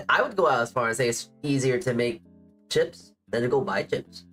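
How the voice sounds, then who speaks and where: A man chats on a livestream in a loose, rambling way, leaning on "like" and poking fun at himself. His voice sits at an ordinary middle pitch. Faint music plays quietly behind him. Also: normal speed, poor audio. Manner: rambling, heavy on "like" fillers, self-deprecating. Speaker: VTuber streamer. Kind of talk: casual livestream chat. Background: faint music playing.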